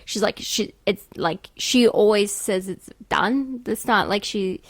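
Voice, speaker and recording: A woman co-hosting a casual film discussion podcast, chatty and quick to jump in. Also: medium pitch, no echo. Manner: chatty, trailing interjections. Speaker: podcast co-host.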